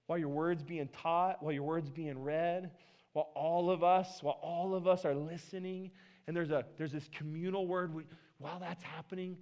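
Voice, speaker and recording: Male pastor, high voice, chatty sermon delivery with stumbles and repeats, worn mic in a church. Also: steady tone, moderate pace, darkish tone. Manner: conversational, frequent restarts and repeated words. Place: church sanctuary. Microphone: worn microphone.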